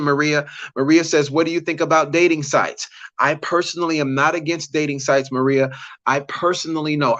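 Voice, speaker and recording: A man's voice: on the high side, a bit bright, no echo. A man hosts a live relationship-coaching stream, lecturing his viewers in a preacherly way with slangy asides and greeting them by name. The sound is dull and lo-fi, dry with no room in it.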